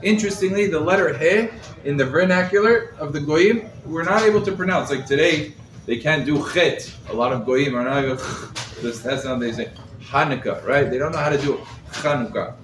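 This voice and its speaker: A man, a rabbi, giving a lively Torah class to a live group, quizzing his listeners and using Hebrew terms, recorded from across the room. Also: a little high, a little fast. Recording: roomy echo, mic set far off, faint background noise.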